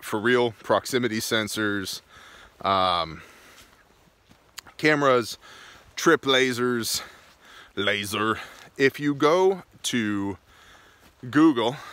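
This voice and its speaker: Joking man with a bright voice. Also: medium pitch. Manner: joking, self-mocking asides. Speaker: host. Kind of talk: casual solo vlog talk. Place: outdoors on rural land.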